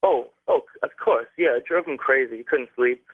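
Young male caller from Canada, halting phone storyteller, tinny and dry line. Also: medium pitch, dry recording. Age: young adult. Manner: halting, many fillers and restarts.

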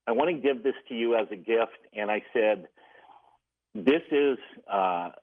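This radio caller has a mid-range voice and a brisk delivery, coming through a tinny phone line. Earnestly recounting a story, he voices what everyone said in quotes.

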